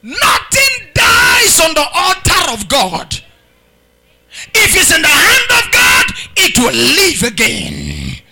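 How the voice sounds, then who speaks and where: Very high-pitched man preaching in shouts. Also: huge pitch swings, slow, gravelly, over loud music. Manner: preaching with shouted, sing-song cadence and repeated rhetorical questions. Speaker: pastor. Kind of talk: sermon. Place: church.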